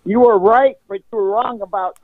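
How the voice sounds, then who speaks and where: A man's voice: sits high, normal speed, dry recording. A man from Canada calling in to a talk show, blunt and conspiratorial, calling the host buddy. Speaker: caller. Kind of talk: phone-in call. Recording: tinny dry phone line.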